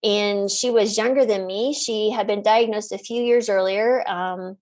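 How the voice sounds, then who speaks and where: A middle-aged woman physician, a guest on an interview, telling a story in a lively, casual way. She laughs often and acts out the lines of the people in the story. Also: mid-range voice, measured pace.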